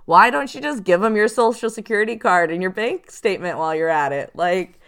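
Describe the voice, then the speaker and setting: A woman giving casual advice to viewers as a psychic show host, chatty and animated, now and then acting out the people she warns about. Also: mid-range voice, fairly quick, clean tone. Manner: chatty, animated, acts out quoted hustlers.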